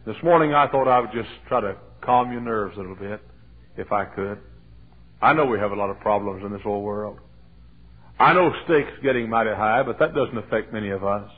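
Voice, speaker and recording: A middle-aged man from Texas, preaching a folksy, emphatic sermon to his church, swinging from quiet storytelling to loud swells with joking asides. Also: fairly low pitch, a little fast, breathy edge. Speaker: pastor. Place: church sanctuary. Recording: thin, phone-like old sermon tape.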